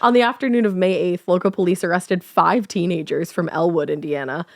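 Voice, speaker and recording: A woman's voice: lowish voice, a little fast, no echo, clean studio sound. A woman co-hosting a podcast, telling a cryptid story casually while laughing and riffing with her co-host. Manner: laughing, reading quotes, riffing.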